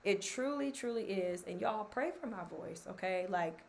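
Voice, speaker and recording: A woman's voice: mid-range voice, lively intonation, moderate pace, slight background noise. A woman hosting a casual live stream, chatty and encouraging. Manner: chatty, filler-heavy, encouraging. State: scratchy voice from allergies.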